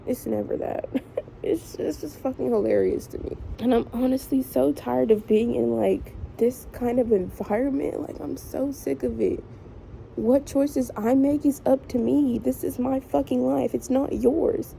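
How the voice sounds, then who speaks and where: A woman's voice: sits high, unhurried, gravelly, warm tone, slight background noise, poor audio. A young woman vlogging in a frustrated, emotional way, swearing often as she vents. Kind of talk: casual venting vlog.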